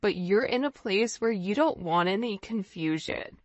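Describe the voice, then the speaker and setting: Woman tarot reader, chatty and intuitive, middle pitch, slightly muffled recording. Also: animated, normal speed, no room sound. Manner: intuitive, repetitive, casual phrasing. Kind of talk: tarot reading monologue.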